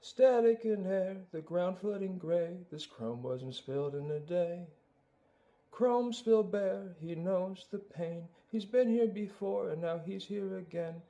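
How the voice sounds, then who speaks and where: A man's voice: high voice, expressive, slow, dark tone, lo-fi sound, exaggerated voice. A man doing a swaggering rapping bear. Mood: brooding. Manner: rhythmic rap delivery in a put-on accent. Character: swaggering cartoon bear rapper, male. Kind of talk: sung and rapped musical number.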